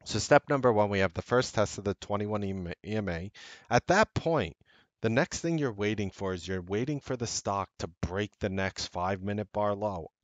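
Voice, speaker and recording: A man in a trading lesson talks through his charts and leans on repetition to drive each point home. His voice sits a little low. The mic is close and dry, with no room sound. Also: normal speed, no room sound, dull audio. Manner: emphatic, repeats key points. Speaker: trading strategist. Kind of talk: screen-share trading lesson.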